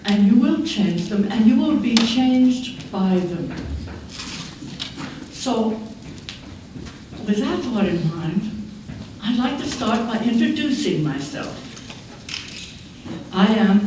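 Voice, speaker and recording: A woman in her eighties giving a reflective keynote speech in a measured, aphoristic way, in a large conference hall. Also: mid-range voice, animated. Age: 80s. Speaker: keynote speaker. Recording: echoey hall, distant mic, faint noise.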